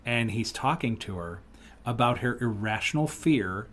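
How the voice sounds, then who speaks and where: Podcast host, male, animated storyteller, casual banter. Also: medium pitch, normal speed, a little hiss or hum. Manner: animated storyteller, lively retellings. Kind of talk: casual chat.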